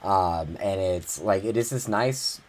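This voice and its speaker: A man co-hosting a podcast, talking in a relaxed chatty way with halting restarts. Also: low-pitched, a little hiss or hum. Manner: chatty, with halting restarts and frequent "you know". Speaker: podcast co-host. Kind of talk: casual chat.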